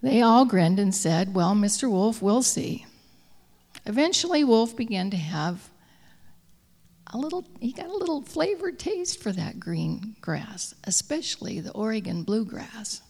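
Slow, whispery woman storyteller in a hall. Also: fairly high pitch, lively intonation, gravelly. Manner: slow, drawn-out reading that drops often to a soft whisper. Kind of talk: read-aloud storytelling.

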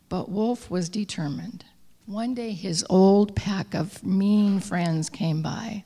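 Slow, whispery woman storyteller in a hall. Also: mid-range voice. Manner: slow, drawn-out reading that drops often to a soft whisper. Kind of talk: read-aloud storytelling.

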